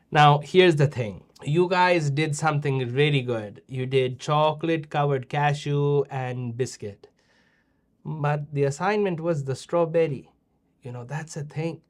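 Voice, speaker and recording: A man's voice: a little high, unhurried. A middle-aged man hosting a kids' show, judging their videos with playful teasing and mock-scolding. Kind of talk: casual chat.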